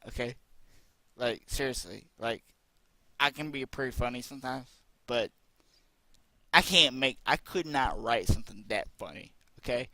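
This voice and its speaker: A man delivering a rambling, profane video rant full of sarcasm. His voice is bright and forceful. The sound is dry and close. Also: medium pitch, expressive, moderate pace, no echo, poor audio. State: hiccuping. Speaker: video commentator. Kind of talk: ranting commentary monologue.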